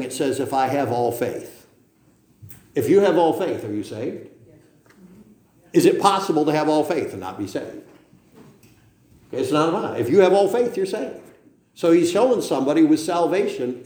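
Middle-aged pastor, male, forceful sermon delivery, slightly high voice, very reverberant room. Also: big pitch swings, moderate pace, pauses often. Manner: emphatic, rhetorical questions, frequent "okay?" tags. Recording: very echoey room.

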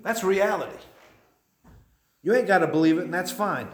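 A man's voice: high voice, animated, moderate pace, echoey room, slight background noise. A man preaching a sermon as a pastor, fiery and pleading with a folksy drawl.

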